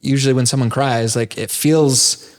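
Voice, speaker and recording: A man's voice: medium pitch, steady tone, normal speed. A young man as a podcast guest, explaining his ideas in a reflective, thoughtful way. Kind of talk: casual conversation.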